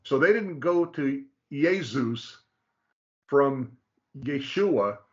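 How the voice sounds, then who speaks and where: A mid-pitched man walks through material in a casual, explanatory way, stopping and restarting his sentences often. He slows right down to stress particular names. The audio is dull and lo-fi. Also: expressive. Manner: halting, frequent restarts, slow drawn-out stress on names. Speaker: presenter.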